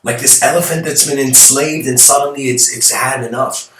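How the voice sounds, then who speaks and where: A man's voice: mid-range voice, steady tone, moderate pace, a bit bright, slight background noise. A man giving a casual spiritual lecture, telling a story in a loose, conversational way with frequent asides. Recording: roomy, distant mic.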